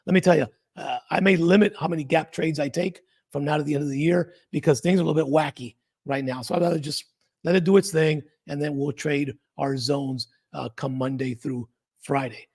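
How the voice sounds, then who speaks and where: A man's voice: on the high side, a little fast, vocal fry. A man hosting a trading channel, talking through chart analysis in a casual, emphatic way with frequent rhetorical questions. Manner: animated, emphatic, often asks rhetorical questions. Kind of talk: casual market analysis talk.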